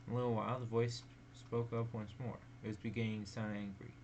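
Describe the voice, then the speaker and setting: A man's voice: on the low side, flat delivery, fast, a little mellow, slight background noise, poor audio. A man reading spooky stories aloud in a casual way, stumbling and correcting himself. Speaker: reader.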